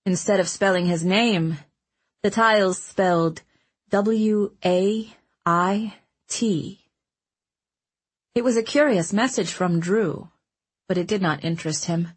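A woman narrating a children's fantasy audiobook in a gentle, measured storytelling manner. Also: fairly low pitch, husky. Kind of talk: scripted narration.

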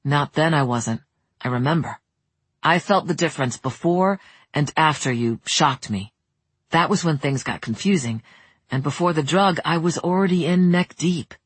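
An audiobook narrator voicing an earnest young man who talks quietly and haltingly, running himself down. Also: medium pitch, husky, no echo, natural voice. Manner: quiet, halting, self-deprecating. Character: earnest, self-doubting young man in love.

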